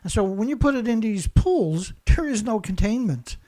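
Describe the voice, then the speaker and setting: A man with a high-pitched, warm, expressive voice hosts a show at normal speed. He's in full rant mode, angry and insulting, and he says things again and again.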